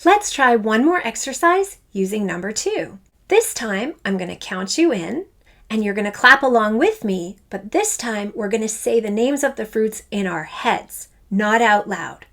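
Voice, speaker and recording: An upbeat woman leads a children's rhythm lesson and speaks straight to the learner with plenty of praise. She talks at an unhurried pace and stretches each chanted fruit name so every syllable lands on the beat. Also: medium pitch, expressive, a bit bright. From Canada. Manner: draws out and stresses syllables while chanting fruit names. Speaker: elementary music teacher.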